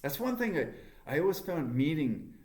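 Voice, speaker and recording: Lively-voiced man in an echoey room. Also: on the high side, normal speed, slight background noise. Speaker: podcast co-host. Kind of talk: casual chat.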